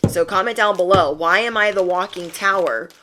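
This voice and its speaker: A woman's voice: lowish voice, normal speed, background noise. Emphatic, encouraging woman tarot reader. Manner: encouraging, emphatic, repeats phrases. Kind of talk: casual tarot reading to camera.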